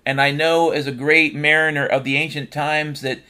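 A man telling a rambling comic story, swearing constantly and tossing in deadpan asides. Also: on the high side, moderate pace, clear, resonant tone. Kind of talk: comedic rambling monologue.

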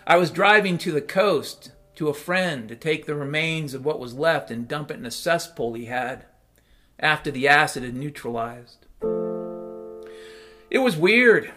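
A man's voice: fairly high pitch, lively intonation, measured pace, sharp tone. Wry man narrating over piano. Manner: casual, wry, matter-of-fact. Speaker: storyteller. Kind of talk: first-person story narration. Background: piano music.

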